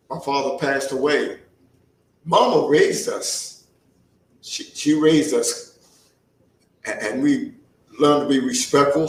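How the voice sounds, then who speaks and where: A storyteller playing an earnest, plainspoken young farmhand turned soldier, spinning his tale in a folksy dialect. His voice sits fairly high and moves slowly, taking its time over each memory. It sounds roomy and a little distant from the mic. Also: slight background noise. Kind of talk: first-person historical storytelling in character.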